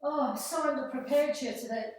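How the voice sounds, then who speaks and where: A woman's voice: high voice, a little fast, very echoey. A woman hosting a casual live cooking stream from her home kitchen, chatting to viewers while she cooks. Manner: chatty, scattered, greets viewers mid-task. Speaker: cooking livestream host.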